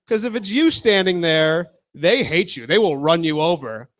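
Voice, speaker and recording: A man's voice: a little high, expressive, normal speed, fairly bright tone. A man in his twenties doing a crude, chatty stand-up set and talking with the crowd. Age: 20s. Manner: casual, crude, talks with the crowd. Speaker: stand-up comedian.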